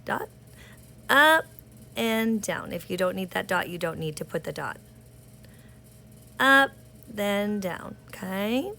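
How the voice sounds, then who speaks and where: A woman teaching an early reading lesson, slowly sounding out words for young children. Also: mid-range voice, sing-song, gravelly, sharp tone. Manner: slow, patient, sounding out words, speaks to kids.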